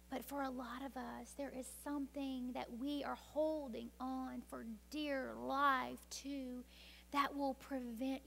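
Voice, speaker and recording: A woman speaking from a stage at a women's event, telling a parable with dramatic pacing and hushed whispers, then urging listeners to change. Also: on the high side, creaky, slight background noise. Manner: dramatic storytelling, dropping to hushed whispers for tender moments. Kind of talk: inspirational talk with storytelling.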